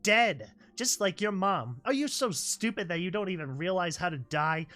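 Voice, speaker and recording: A narrator voicing a brash young female griffin with a high-pitched bird voice, blunt and scolding. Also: lively intonation, moderate pace, a bit bright, natural voice.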